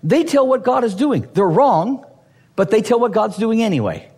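A man's voice: high-pitched, sing-song, moderate pace, a little mellow, husky, big-room sound. A man preaching a sermon with humor and energy, acting out the voices of Bible figures as he explains the scripture. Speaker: pastor.

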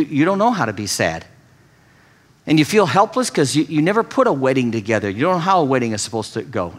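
A man preaching a sermon, telling a story with animated swings in pitch and loudness. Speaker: pastor.

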